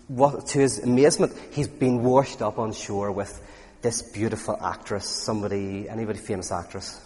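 A man giving an informal lecture to an audience, telling stories with lots of restarts. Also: on the low side. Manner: animated storytelling, frequent restarts. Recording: long reverb in a hall.

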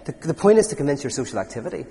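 A man's voice: on the high side, sing-song, very fast, gravelly, dark tone. A man giving a conversational talk on philosophy and faith, full of anecdotes, fillers and restarts. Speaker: speaker. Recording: reverberant hall.

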